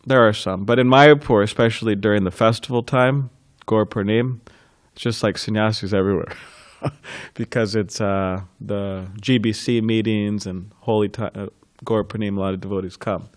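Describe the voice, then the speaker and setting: A man with a low voice gives a scripture class in a temple. He talks informally and tells stories, with soft laughs between thoughts. The sound is dry and close. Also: fairly even intonation, moderate pace, no room sound. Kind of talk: reminiscing temple class talk.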